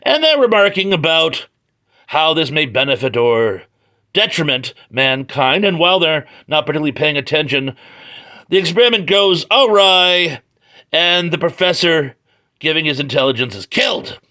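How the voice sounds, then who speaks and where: A chatty man walks through an old comic book with wry jokes and asides. His voice is bright and a touch high, and he talks from his garage. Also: lively intonation, moderate pace. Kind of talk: casual read-through review. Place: home garage.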